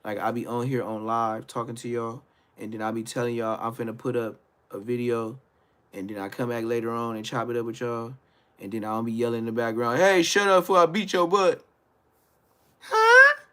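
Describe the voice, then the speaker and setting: Hosting a live stream of his own, this man delivers a blunt, profane, meandering rant that keeps trailing off and restarting, lurching between quiet muttering and loud bursts. The delivery is flat, fairly quick and smooth.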